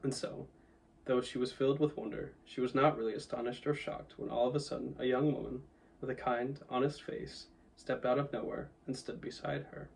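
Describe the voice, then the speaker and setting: A man reading a children's novel aloud in a steady, even storytelling manner, a little away from the mic. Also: mid-range voice, moderate pace, gravelly, distant mic, poor audio. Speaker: audiobook reader. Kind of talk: storybook narration.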